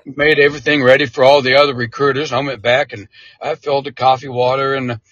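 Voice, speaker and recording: A man, a military veteran, telling a casual anecdote in an interview, animated and chuckling often. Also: medium pitch, fast, breathy edge, no echo, lo-fi sound.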